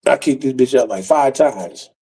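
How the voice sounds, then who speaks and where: A man telling a comic story in a casual, profane, animated way, acting out the quotes. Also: mid-range voice, moderate pace, slightly rough, low-quality recording. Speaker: comedian storyteller.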